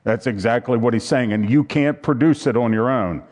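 A man preaching to his congregation in an emphatic, repetitive way. He reads scripture passages aloud and teaches from a handout. His pitch sits at an ordinary middle height for a man. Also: moderate pace, a little mellow.

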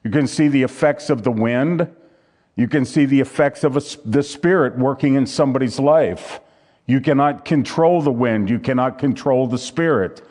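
A man's voice: mid-range voice, a little mellow. Man preaching an emphatic sermon. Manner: emphatic, repetitive preaching with scripture reading. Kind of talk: sermon teaching from a handout.

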